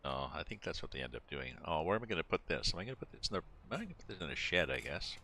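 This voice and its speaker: A man's voice: very deep voice, sing-song, rapid-fire, bright, forceful tone, a little hiss or hum. A man streaming a farming game, chatting casually and thinking aloud as he goes. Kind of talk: casual gameplay chat.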